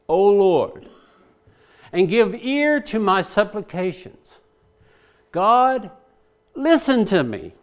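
A man's voice: high voice, fairly bright tone, clean tone. A male preacher giving a sermon, praying aloud with passion as he paraphrases scripture.

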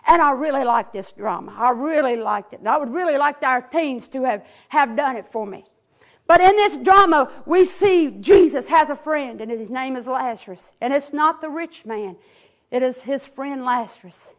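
Woman preacher with a very high voice, fervent and repetitive, storytelling sermon. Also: expressive, normal speed. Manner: fervent, repetitive invocations, rising to hollering in retold scenes. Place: church.

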